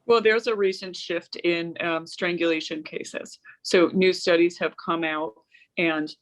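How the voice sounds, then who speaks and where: A woman guest on a video call explains her points in a steady, informative way. Her delivery stays level and flat, with frequent ums between phrases. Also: on the low side, unhurried, low-quality recording. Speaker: guest advocate. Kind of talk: interview answers.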